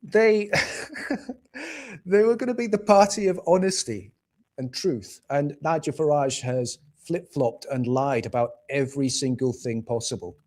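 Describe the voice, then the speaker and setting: A man's voice: fairly high pitch, measured pace, a little mellow. A man from England hosting a livestream, ranting bluntly and with plenty of profanity about politics. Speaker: livestream host. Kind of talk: casual political rant.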